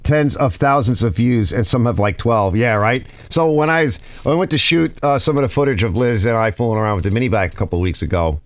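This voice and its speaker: A man's voice: mid-range voice, quick pace, few pauses, no room sound. Rambling New York man, dry close sound. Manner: rambling, restarts sentences, reads comments aloud. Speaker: YouTube channel host. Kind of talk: casual rambling talk to viewers.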